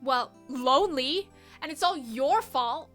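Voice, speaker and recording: A woman's voice: sits high, animated, slow, a bit bright, soft background music, exaggerated voice. A woman reading the lines of a spirited young woman teasing her older sister. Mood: playful. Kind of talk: reading game dialogue aloud.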